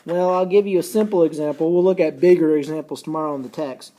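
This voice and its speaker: In a recorded classroom lecture, a man with a rather high voice and a dark tone teaches in a folksy, casual way, slowing down and repeating the key points so students can take notes.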